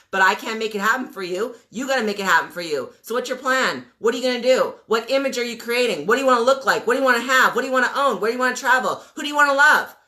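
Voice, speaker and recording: Forceful, emphatic woman in her forties. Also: fairly high pitch. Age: 40s. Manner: emphatic, preachy, rhetorical questions and repeated commands; blunt, mild swearing. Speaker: coach. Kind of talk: motivational rant to camera.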